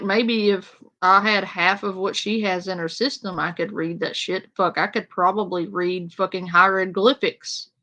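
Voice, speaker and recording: A woman on a panel talks slowly and deliberately in a lowish voice. She rants with exasperation and heavy swearing in casual commentary. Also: sharp tone, poor audio. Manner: exasperated, profane ranting. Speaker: panel guest.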